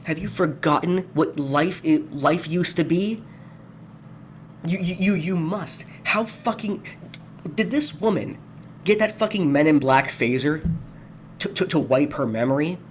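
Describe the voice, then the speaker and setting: A man's voice: a little high, a little slow, a little hiss or hum. A man hosting a ranting video commentary, angry, sarcastic and profane. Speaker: commentary host.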